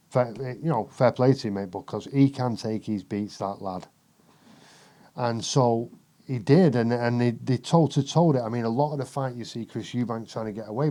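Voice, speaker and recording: A man swearing freely while telling animated stories as a boxing pundit in casual podcast chat. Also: on the low side. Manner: profane, animated storytelling.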